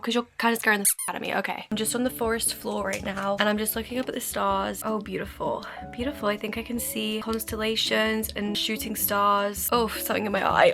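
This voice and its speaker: Chatty young woman with vocal fry. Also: mid-range voice, steady tone, quick pace. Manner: chatty and self-mocking, cuts off swear words mid-word. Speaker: vlogger. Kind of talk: casual chat to camera. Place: her bedroom, indoors. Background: music playing elsewhere in the house.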